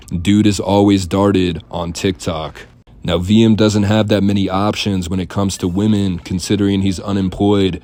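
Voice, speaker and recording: Deep-voiced man doing sarcastic commentary. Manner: mocking, deadpan. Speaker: commentary channel host.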